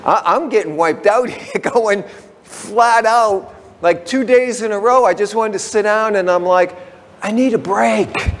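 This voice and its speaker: A man preaching a conversational sermon as pastor, chatty and folksy, slowing down to read definitions word by word. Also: high voice. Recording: long hall reverb.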